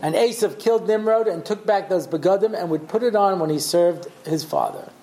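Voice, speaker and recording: Storytelling rabbi giving a lively class. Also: male voice, sits high, a little fast, vocal fry, rough recording. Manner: conversational, tells stories acting out the voices, checks in with "yeah?". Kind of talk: lecture with storytelling.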